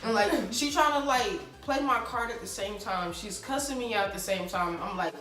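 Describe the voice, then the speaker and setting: A woman's voice: mid-range voice, normal speed, hardly any pauses. Laughing young woman telling a profane story. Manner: animated, laughing, slangy and profane. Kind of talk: casual storytime chat. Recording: roomy sound from a distant mic with faint music.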